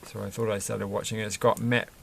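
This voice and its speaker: A man's voice: fairly low pitch, little pitch movement, quick pace, creaky, a little hiss or hum. A man chatting casually and rambling while building a Lego set, often chuckling and correcting himself.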